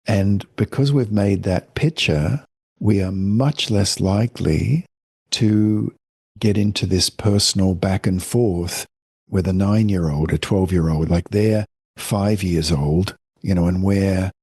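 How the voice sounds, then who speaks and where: A middle-aged man, a family counselor, explaining his ideas in a gentle, reflective way in a podcast interview. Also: sits low, slow pace, husky, no room sound, clean studio sound. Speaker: guest, family counselor and author.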